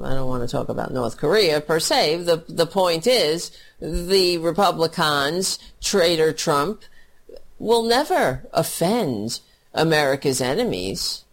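A woman giving angry, scornful political commentary, often halting and repeating words as she rants. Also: low voice.

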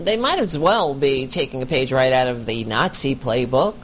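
A commentator reacting to a speech video, indignant and deliberate, with the occasional swear. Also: mid-range voice, expressive, fairly bright tone, a little hiss or hum.

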